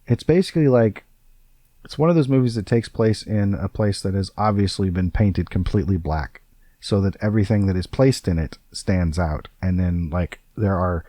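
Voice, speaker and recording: A man's voice: sits low, normal speed, mellow, no echo. A man hosting a casual podcast, rambling along with many fillers and self-corrections. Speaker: podcast host.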